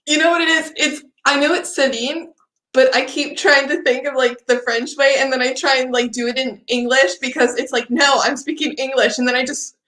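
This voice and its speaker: High-voiced American woman hosting a chat. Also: fairly even intonation, brisk, hardly any pauses, a bit bright, echoey room. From United States. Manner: friendly, laughs often, relates her own anecdotes. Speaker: host. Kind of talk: casual chat on a livestream.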